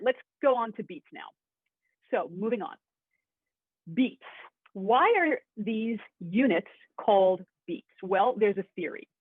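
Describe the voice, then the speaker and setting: A woman's voice: mid-range voice, slightly rough, dry recording. A woman teaching acting in a webinar, chatty and enthusiastic, with asides to her class. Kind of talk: webinar lesson. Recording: tinny phone-like audio.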